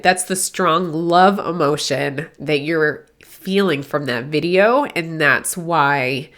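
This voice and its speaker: A woman's voice: sits low, fairly bright tone. A middle-aged woman hosting a spiritual podcast as a medium, talking in a rambling, earnest way with self-corrections, teary and sniffly. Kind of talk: casual spiritual podcast talk.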